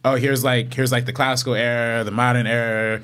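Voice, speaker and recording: A man's voice: medium pitch, little pitch movement, brisk, fairly bright tone, smooth. A laid-back man in casual film talk on a podcast, often hedging with "you know".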